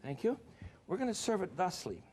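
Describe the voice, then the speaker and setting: A man's voice: sits high, wildly swooping pitch, brisk, darkish tone, husky. A man hosting a cooking show, demonstrating a dish in a studio kitchen in a chatty, enthusiastic way with jokey asides.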